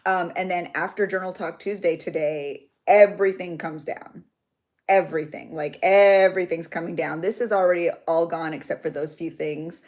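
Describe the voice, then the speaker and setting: A woman's voice: lowish voice, steady tone, normal speed, darkish tone. A woman in her thirties hosting a live chat for her journaling channel, bubbly and chatty, greeting viewers by name and laughing often.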